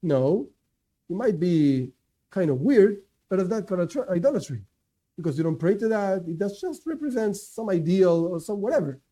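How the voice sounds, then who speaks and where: Emphatic man lecturing in a higher, mellow voice. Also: animated, normal speed. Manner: emphatic, repeats key points, conversational asides. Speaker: teacher giving a class. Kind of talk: informal religious lecture.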